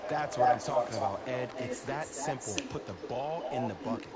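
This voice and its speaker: A man's voice: mid-range voice, fairly quick, over a noisy crowd. A man giving color commentary in a basketball video game, analyzing the play in a confident, instructive way.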